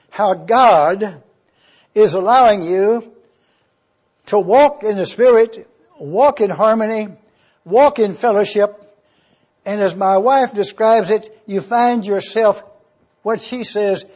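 Older male preacher, husky high voice. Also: a little mellow. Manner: rhetorical questions answered himself, emphatic repetition. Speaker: pastor. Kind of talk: sermon. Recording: dull lo-fi recording.

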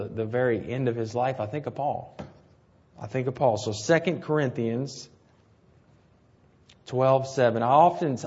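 A man's voice: medium pitch, a little mellow. A man preaching a sermon in a conversational way, often asking his listeners rhetorical questions. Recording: slightly dull, lo-fi sound.

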